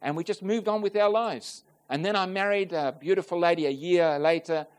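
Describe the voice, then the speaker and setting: A man preaching a personal testimony to a congregation, earnest and emotional, swelling loud on key points and asking the listeners direct questions. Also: high voice, a little fast. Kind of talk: sermon testimony.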